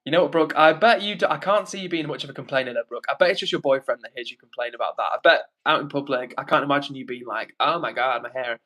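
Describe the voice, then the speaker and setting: Young man, livestream host, reading chat, rambling, chatty, lots of fillers, fairly high voice. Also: fast talker, hardly any pauses, a bit bright. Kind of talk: casual live chat.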